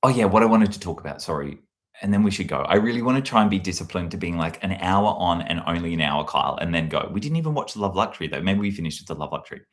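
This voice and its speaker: A man talks in a loose, rambling way, full of fillers and sudden tangents. His voice sits low, and he hosts the chat in a casual tone. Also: fast talker. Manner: meandering, animated, lots of fillers, jumps to shrill put-on quotes. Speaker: livestream host.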